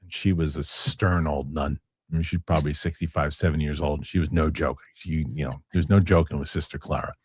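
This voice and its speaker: Deep-voiced man telling stories on a talk show. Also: brisk, slightly rough, no echo, clean studio sound. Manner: animated storyteller, many restarts and fillers. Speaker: show host. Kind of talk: casual chat.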